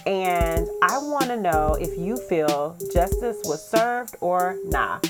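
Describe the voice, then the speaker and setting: A woman hosting a podcast and giving a lively, expressive scripted narration. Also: on the low side, takes it slowly, loud music behind the voice. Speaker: podcast host.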